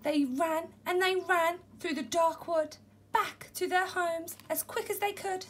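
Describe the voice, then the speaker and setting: A nursery teacher, a woman, reading a picture book aloud to young children in a gentle, expressive storytelling voice. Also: very high voice, unhurried.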